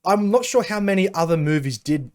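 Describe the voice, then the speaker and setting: A man hosting a podcast in casual chat, animated and swearing as he talks. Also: high voice, a little fast, clean tone. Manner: animated, swearing, laughing at his own jokes. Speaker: podcast host.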